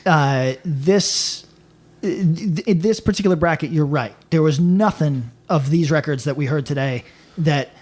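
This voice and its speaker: A man with a fairly high voice in a casual podcast chat. He starts and restarts his sentences, leaning on fillers as he works toward his point. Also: a little slow, a little mellow. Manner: hesitant, filler-heavy. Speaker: podcast co-host.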